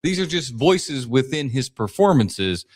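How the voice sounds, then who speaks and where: Guy hosting a live podcast stream, super animated voice all over the place, teasing, lots of restarts. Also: medium pitch, a little slow. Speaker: podcast host reacting to clips. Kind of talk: casual live-stream chat.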